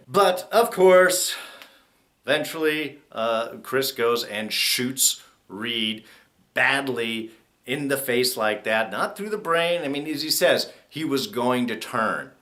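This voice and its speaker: A man reviewing a TV episode in a casual spoken way, chatty and quick to act out characters' lines in mock voices. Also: mid-range voice, animated, pushed and bright. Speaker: TV show reviewer.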